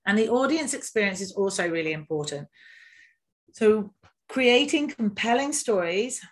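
A woman co-hosting a podcast, explaining business tips in a steady, agreeable way. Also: medium pitch. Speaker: podcast co-host. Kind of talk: casual podcast chat giving business tips.

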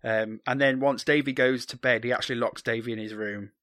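A man's voice: medium pitch, fairly even intonation, a little fast, fairly bright tone, dry recording, studio quality. Chatty man recapping a film. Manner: chatty, jokey, sweary, many ums. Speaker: podcast co-host. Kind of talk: casual film recap chat.

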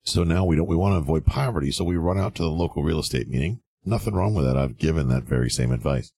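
Gravelly, sarcastic very deep man. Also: quick pace, warm tone. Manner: sarcastic, mocking, acts out quoted people. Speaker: real estate commentator. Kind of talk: blunt advice monologue.

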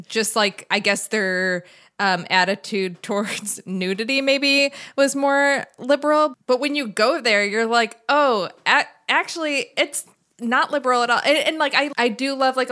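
A woman's voice: fairly high pitch, unhurried, sharp tone, clear, resonant tone. An American woman hosting a podcast, chatting casually and thoughtfully, with frequent laughs. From United States. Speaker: podcast host. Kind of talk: casual chat.

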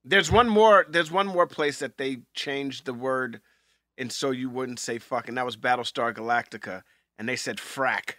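A man's voice: mid-range voice, normal speed, sharp tone, no echo. A man co-hosting a podcast in casual chat, laughing often and retelling scenes with animation. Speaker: podcast co-host.

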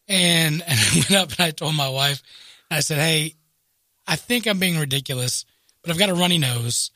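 Middle-aged man, bright and forceful tone, dry close sound, self-mocking storyteller. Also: on the high side, a little slow, pauses often, no echo. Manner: animated, self-mocking, voices others in quotes. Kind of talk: casual storytelling.

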